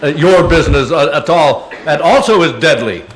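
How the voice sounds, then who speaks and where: A man's voice: fairly high pitch, expressive, moderate pace, a little hiss or hum. Older man telling rambling anecdotes. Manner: rambling anecdotes with many fillers and chuckles. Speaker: guest speaker answering audience questions. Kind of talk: public Q&A talk. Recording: echoey hall sound.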